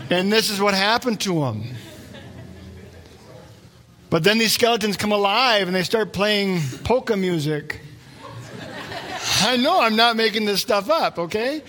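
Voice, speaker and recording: A man in his forties, a preacher telling a story to a live audience in an animated, conversational way with self-deprecating humor. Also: sits high.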